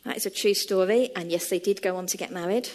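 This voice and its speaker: A woman preaching a sermon and telling a story in a measured, storytelling manner. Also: mid-range voice, darkish tone.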